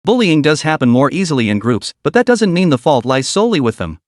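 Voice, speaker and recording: A man voicing a calm, nonchalant young male student in a story recap, probing and steady. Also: a little high, quick pace, dry recording, clean studio sound.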